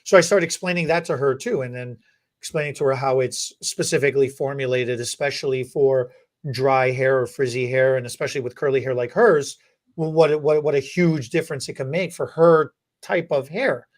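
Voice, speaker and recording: A man co-hosting a beauty podcast, telling stories in a lively, casual way and often repeating words. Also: medium pitch, brisk. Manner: animated, repeats words, acts out quotes. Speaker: podcast co-host, hair educator. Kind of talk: casual storytelling chat.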